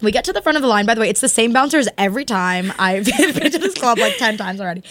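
A woman's voice: a little high, sing-song, fast, a bit bright. A young woman in casual chat with friends, telling stories animatedly and laughing often. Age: young adult. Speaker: storyteller among friends.

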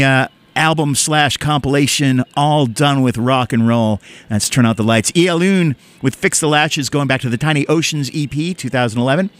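A man hosting a casual radio show, chatting loosely with fillers and jokes. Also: medium pitch. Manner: loose, joking, lots of fillers, mock announcer voice for the PSA. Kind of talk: casual college radio chat. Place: radio studio.

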